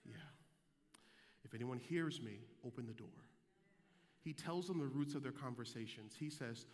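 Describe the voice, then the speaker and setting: A young adult man, a pastor, preaching a sermon in a church sanctuary, moving between quiet teaching and shouted calls to the congregation. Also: mid-range voice, moderate pace, in a large hall.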